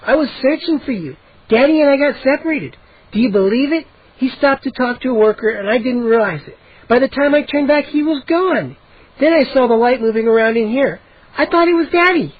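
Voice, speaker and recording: A man's voice: very high voice, lively intonation, a little fast, husky, no echo, phone-quality sound, voice pushed up, full character voice. A man reading a storybook aloud, voicing an impatient, bossy young girl who scolds. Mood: scolding. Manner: scolding, insistent.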